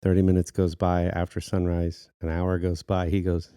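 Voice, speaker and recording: A man in his thirties, a podcast co-host telling a story in casual chat, animated and laughing often. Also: low voice, moderate pace, clean tone, dry recording, clean studio sound.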